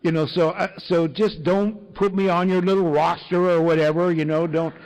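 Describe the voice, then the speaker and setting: A man's voice: sits high, flat delivery, normal speed, darkish tone, poor audio. Wry self-mocking man telling his story. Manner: wry, self-mocking, lots of fillers and chuckles. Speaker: speaker sharing a recovery story. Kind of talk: storytelling to an audience.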